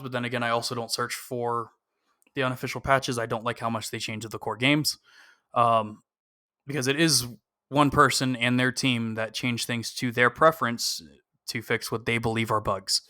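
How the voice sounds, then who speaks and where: A man chatting on a gaming podcast in a bright, crisp voice. He gives cautious, opinionated advice with lots of "um" fillers, recorded close and dry. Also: mid-range voice, no room sound. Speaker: podcast co-host. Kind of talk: casual podcast discussion.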